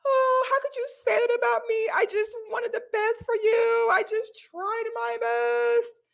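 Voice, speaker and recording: A woman's voice: very high-pitched, level tone, unhurried, gravelly, pitched above the performer's own voice, exaggerated voice. A woman voicing a tearful, dramatic mother who whines and pities herself. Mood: whiny. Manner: whiny, self-pitying.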